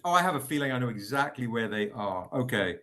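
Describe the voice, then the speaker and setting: A man's voice: mid-range voice, very animated, fast, bright, forceful tone. A man hosting a casual live stream, chatty and upbeat, greeting viewers by name while selling comic editions. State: recovering, tired.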